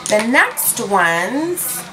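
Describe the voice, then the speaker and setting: A woman's voice: fairly high pitch, big pitch swings, very slow, over loud music, poor audio. A woman reviewing lipsticks in a casual, rambling chat from her room at home, dropping in Spanish words as she talks. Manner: rambling, chatty, self-mocking. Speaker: beauty vlogger reviewing lipsticks.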